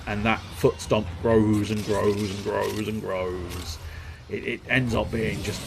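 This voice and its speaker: A man's voice: on the low side, flat delivery, takes it slowly, vocal fry, noisy background. A man streaming a video game, rambling casually with jokes and a self-deprecating streak. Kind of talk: casual gameplay commentary.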